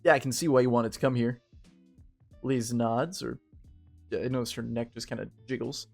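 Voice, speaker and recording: Tipsy, gravelly-voiced man gaming. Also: medium pitch, fairly even intonation, moderate pace, darkish tone, faint music behind. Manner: rambling, profane, tipsy and joking. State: drunk. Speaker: game streamer. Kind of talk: casual let's-play commentary, reading game text aloud.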